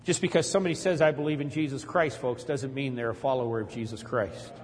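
A man's voice: mid-range voice, steady tone, fast talker, a little hiss or hum. Preacher man in an echoing hall. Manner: dramatic retelling, voice rising when preaching. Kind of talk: sermon storytelling. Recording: long hall reverb.

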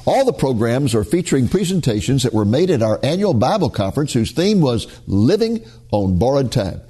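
Husky-voiced male ministry program host. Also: mid-range voice, mellow. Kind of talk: scripted program introduction.

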